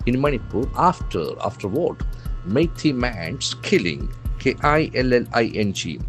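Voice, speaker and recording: A man with an Indian English accent teaching English vocabulary from the day's newspaper, spelling words letter by letter and repeating them slowly for practice. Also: mid-range voice, very animated. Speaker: English trainer. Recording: faint music behind.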